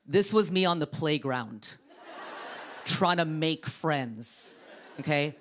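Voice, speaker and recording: Deep-voiced woman doing stand-up. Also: slow, slight background noise. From Orange County, California. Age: 30s. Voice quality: deep, sultry voice. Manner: deadpan, self-mocking delivery. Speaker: comedian. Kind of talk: stand-up comedy. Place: TV studio stage. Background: studio audience laughter.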